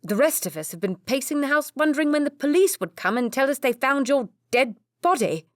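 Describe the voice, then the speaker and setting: A woman voicing Edward, a young nobleman who loses his temper and yells at his brother. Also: lowish voice, lively intonation, normal speed, no room sound, clean studio sound, close to an everyday voice. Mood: angry. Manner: yelling, scolding.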